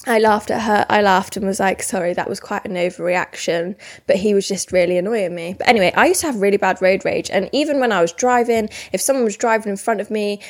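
A woman's voice: medium pitch, fast talker, hardly any pauses. A young woman, chatting casually and rambling with lots of "like" fillers. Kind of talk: casual chat.

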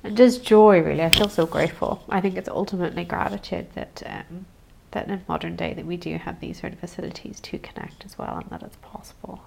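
A woman hosting a self-help podcast, talking in a gentle, searching way with many pauses and soft hedges. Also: on the low side, fairly even intonation, creaky, a little hiss or hum. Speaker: podcast host. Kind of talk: reflective self-help monologue.

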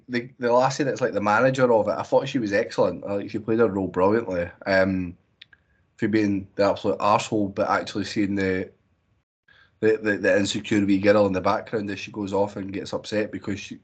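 A Scottish man co-hosting a podcast, talking through a film in a measured, thoughtful way. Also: fairly low pitch, fairly even intonation, husky. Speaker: podcast co-host. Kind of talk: casual film-review chat.

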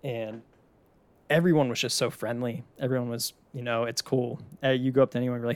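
A man's voice: medium pitch, fairly even intonation, a little fast. A young man from the Pittsburgh area, hosting a casual solo podcast, talking in a loose, chatty way with casual swearing. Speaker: podcast host.

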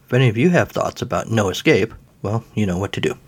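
A man's voice: on the low side, lively intonation, fast, heavy background noise. A man hosting a podcast in a rambling, self-deprecating way, full of fillers. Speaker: podcast host. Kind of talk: casual podcast talk.

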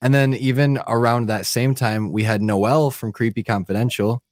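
A man hosting a casual chat, relaxed in manner and swearing now and then. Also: mid-range voice, normal speed, no room sound, studio quality.

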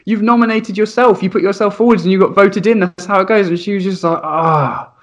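A young man, a primary school teacher, telling funny stories in casual chat, animated and laughing, acting out voices. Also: high voice, fairly quick. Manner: animated, laughing, acts out voices in his anecdotes.

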